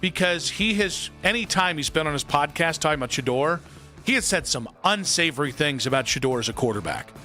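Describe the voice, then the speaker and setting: A man co-hosting afternoon sports talk radio, trading quick jokes with his partner. His voice sits a little high with a bright, forward tone. A faint music bed hums under the studio mic. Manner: animated, jokey, quick back-and-forth. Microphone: studio broadcast mic.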